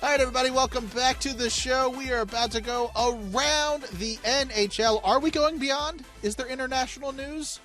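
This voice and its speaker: A man's voice: extremely high pitch, moderate pace, few pauses, sharp tone, faint music behind. A man hosting a casual hockey podcast, easygoing and laughing along with his co-host. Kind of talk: casual sports podcast chat.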